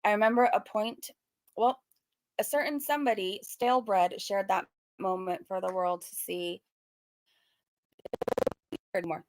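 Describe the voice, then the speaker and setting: A woman's voice: mid-range voice, steady tone, a little slow, long pauses, no room sound. A young woman talking casually and earnestly to her viewers, rambling with many fillers. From Southern California. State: choked up, near tears. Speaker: commentary YouTuber. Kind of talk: casual commentary vlog.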